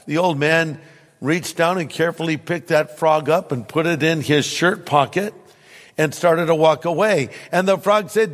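High-voiced pastor in a reverberant hall. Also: male voice, moderate pace, a bit bright. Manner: conversational storytelling with humor. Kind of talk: sermon.

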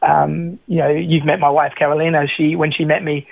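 A man's voice: fairly high pitch, brisk, gravelly, no echo. A middle-aged man, telling his personal testimony as a guest, acting out the lines he quotes. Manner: animated storyteller, acts out quoted lines. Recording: tinny phone-line sound.

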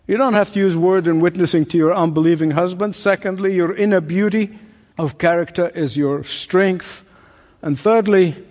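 A man's voice: high-pitched, darkish tone. An older man preaching a sermon to a congregation. He is emphatic, repeats key phrases and asks his listeners rhetorical questions. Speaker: pastor. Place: church sanctuary before a congregation. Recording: reverberant church hall recording.

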